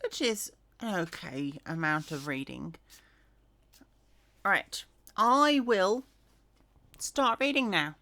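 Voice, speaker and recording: A woman's voice: medium pitch, animated, slow pace, pauses often, sharp tone. A woman reading the Bible aloud in a casual way, with chatty asides, fillers and self-corrections. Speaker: reader.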